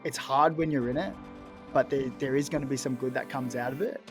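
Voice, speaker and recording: A man's voice: medium pitch, fairly even intonation, a little fast, over music. A young Australian man in a casual interview, chatty and upbeat, often calling people mate. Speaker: guest, former rugby league player.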